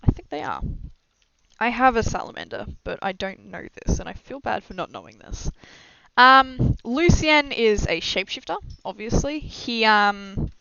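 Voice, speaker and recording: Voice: medium pitch, animated, normal speed, creaky, bright, forceful tone, smooth. A young adult streamer chatting casually and rambling with frequent giggles and self-deprecating asides during a live stream. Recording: slightly dull lo-fi mic, dry.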